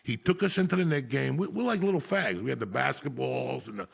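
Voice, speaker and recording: A gravelly, husky man spins a profane story with big energy. His voice is rough with plenty of rasp and fry, and he talks like a loud, seasoned storyteller. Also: mid-range voice, brisk. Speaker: podcast host. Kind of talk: storytelling chat.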